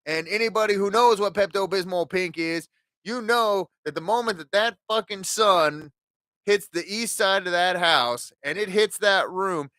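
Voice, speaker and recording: A man's voice: high voice, a bit bright, no echo. Swearing, ranting podcast host man. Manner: profane ranting storyteller. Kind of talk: casual podcast monologue.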